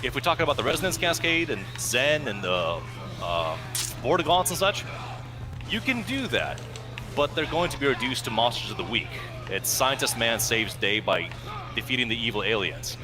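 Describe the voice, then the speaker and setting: A man's voice: medium pitch, lively intonation, fairly quick, over music. A man co-hosting a gameplay video, talking in a musing, analytical, wordy way. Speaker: co-host gaming commentator. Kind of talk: casual gameplay chat.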